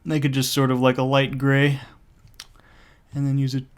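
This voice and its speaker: A man talking through a software drawing tutorial in a casual, rambling way, breaking off into jokey asides. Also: mid-range voice, monotone, normal speed. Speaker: tutorial maker.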